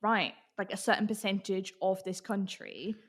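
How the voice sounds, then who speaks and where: A woman's voice: medium pitch, moderate pace, slightly rough. Woman from austria, hard-to-place accent, chatty interview guest, laughs a lot. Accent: British English blended, hard to place. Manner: animated, laughs often. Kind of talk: casual interview chat.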